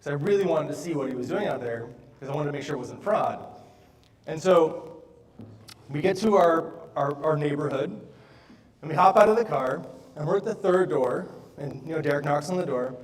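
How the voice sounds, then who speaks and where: A man's voice: fairly high pitch, normal speed, distant mic. A man giving a motivational stage talk, telling stories with lots of checks like "right?". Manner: animated storyteller, frequent "right?". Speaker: motivational speaker. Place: large hall on stage. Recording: echoey hall, from afar.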